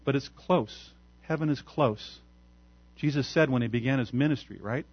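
A man's voice: mid-range voice, normal speed, slightly rough, dull audio. Man preaching, story-driven sermon. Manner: storytelling, animated, chuckles often. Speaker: pastor.

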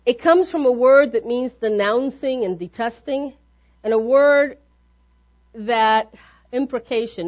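A woman pastor preaching a sermon in a church, talking to the congregation in an easy, conversational way and often asking them questions. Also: a little high. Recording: dull lo-fi sermon recording.

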